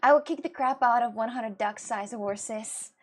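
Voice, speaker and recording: High-voiced woman chatting to viewers. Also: normal speed. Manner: rambling, restarts, swings into mock outbursts. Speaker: live streamer. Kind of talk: casual chat with viewers.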